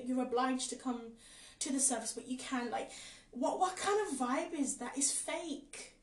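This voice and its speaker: A woman talks earnestly about faith, her voice fairly high and her delivery impassioned. She repeats points for emphasis. She sits back from the mic in a room with a strong echo. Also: distant mic. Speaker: podcast host. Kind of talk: passionate faith talk. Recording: echoey room, away from mic.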